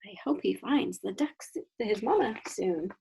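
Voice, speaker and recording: A woman teaching kindergarten, reading a picture book aloud with an animated, questioning storybook voice and stopping to explain things to the children. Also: mid-range voice, measured pace, creaky, a little hiss or hum.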